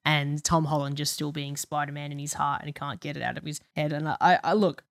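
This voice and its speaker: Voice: medium pitch, fairly even intonation, fast talker, gravelly, no room sound, clean studio sound. A podcast co-host in casual chat, swearing constantly and ranting.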